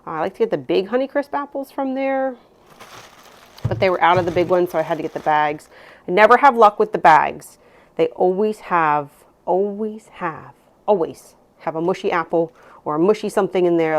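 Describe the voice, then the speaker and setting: This thirtysomething vlogger mom talks through her grocery haul at a brisk clip in a lowish voice. Her delivery is chatty and wandering, packed with "um"s and tangents.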